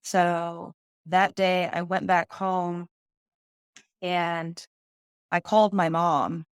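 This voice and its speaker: A woman's voice: on the low side, little pitch movement, extremely slow, clear, resonant tone, dry recording, clean studio sound. A woman guest on a podcast, telling her personal story in a candid, earnest way.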